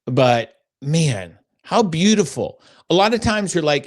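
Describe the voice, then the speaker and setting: A man's voice: a little high, very animated, unhurried, few pauses. A middle-aged man hosting a faith podcast, telling a personal story in an earnest, emotional, rambling way. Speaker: podcast host.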